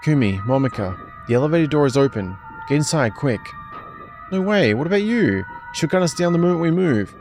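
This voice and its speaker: A man's voice: medium pitch, expressive, fairly quick, a little mellow, faint music behind, pitched above the performer's own voice, lightly acted. A man doing Chizuru, a brave urging schoolgirl. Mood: urgent. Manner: urgent, coaxing. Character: brave teenage schoolgirl, urging her friends on.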